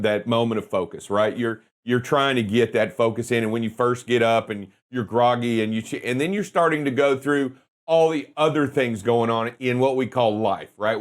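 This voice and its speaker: A man co-hosting a trucking safety show, talking earnestly with loose, folksy phrasing. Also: medium pitch. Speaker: co-host.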